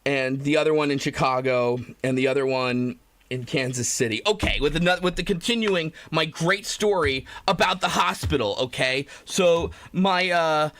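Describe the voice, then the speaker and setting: High, bright-voiced man ranting on stream. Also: moderate pace. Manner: rambling, profane, self-pitying, breaks into laughter. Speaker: live streamer. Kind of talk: comedic live-stream rant.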